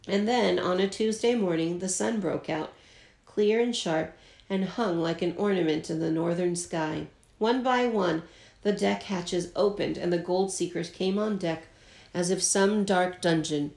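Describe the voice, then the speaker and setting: Woman, teacher, storybook read-aloud, expressive, recorded at home. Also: lowish voice, unhurried, creaky. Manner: expressive, lightly voices the characters. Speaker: teacher reading aloud to students.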